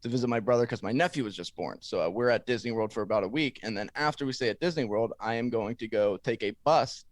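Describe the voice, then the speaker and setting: Young male podcast co-host, mid-pitch, casual rambling storyteller, dry close sound. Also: fast, hardly any pauses, dry recording. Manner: animated, swears freely, rambling anecdote.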